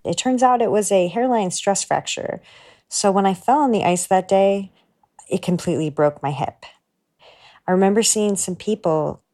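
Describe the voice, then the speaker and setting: Woman, low voice, sincere first-person storyteller. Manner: earnest, heartfelt retelling, drops to a hush for inner thoughts. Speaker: story contributor.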